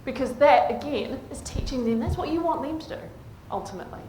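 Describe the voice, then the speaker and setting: A woman's voice: high-pitched, lively intonation, brisk, a little mellow, echoey room, slight background noise, rough recording. A woman, a clinician, giving a conference presentation and often checking in with the audience. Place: conference hall.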